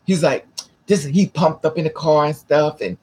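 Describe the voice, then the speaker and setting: Husky man telling a rambling story. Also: on the high side, moderate pace, darkish tone. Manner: rambling, restarts, profane. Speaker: vlogger. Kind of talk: casual storytelling to camera.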